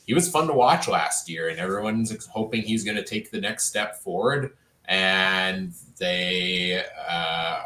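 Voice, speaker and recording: A man's voice: deep voice, bright, forceful tone, roomy sound. A man co-hosting a sports podcast, talking through football moves in long, analytical runs. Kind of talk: casual sports chat.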